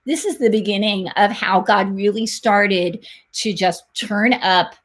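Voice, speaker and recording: A woman's voice: medium pitch, unhurried. A woman hosting a faith talk show, setting up a guest's story with encouraging, rambling lead-ins.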